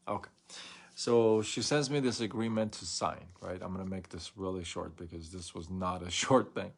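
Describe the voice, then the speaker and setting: A man hosting a live show, telling a long story in a casual, animated way and acting out both sides of a phone call. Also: lowish voice, normal speed, creaky. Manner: animated, retells a frustrating phone call with many quoted exchanges.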